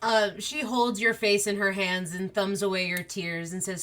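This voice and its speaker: A woman running a tabletop game as game master, narrating and voicing characters in a warm, motherly way. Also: mid-range voice, level tone, moderate pace, few pauses.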